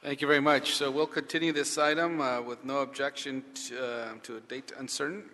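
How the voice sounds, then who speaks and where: A man chairing a public council committee hearing, briskly moving through items and calling speakers' names at a desk microphone. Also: medium pitch, little pitch movement, sharp tone. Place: council chamber. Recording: echoey hall.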